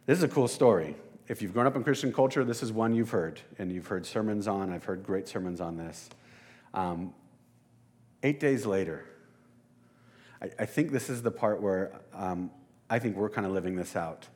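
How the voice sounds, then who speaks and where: A man's voice: on the low side, lively intonation, normal speed, a little mellow. A man preaching a casual sermon, talking conversationally and with some self-deprecation, and addressing the congregation directly.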